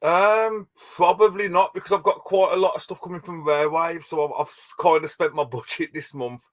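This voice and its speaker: A man chatting casually on a live stream, agreeable and quick to chime in. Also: on the high side, steady tone. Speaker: co-host guest.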